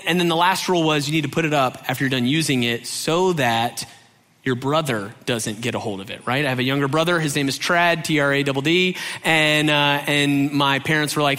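A man from Georgia, USA, telling a funny childhood story, acting out the quotes with big jumps in his voice. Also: fairly quick. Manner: animated, acts out quotes with big pitch jumps. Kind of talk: comic storytelling. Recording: long hall reverb.

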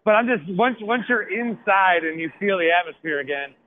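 A man's voice: sits high, expressive, normal speed. A man who hosts a morning show, calling in from a ballpark, chatty and rambling, out of breath. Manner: rambling, chatty, self-deprecating. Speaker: morning radio host, guest. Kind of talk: casual sports radio talk. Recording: tinny phone line with faint noise.

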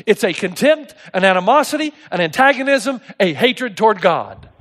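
A man's voice: high voice, normal speed. A man preaching a sermon as pastor, telling stories with laughter and acted-out quotes. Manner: animated storytelling with laughs and voiced quotes.

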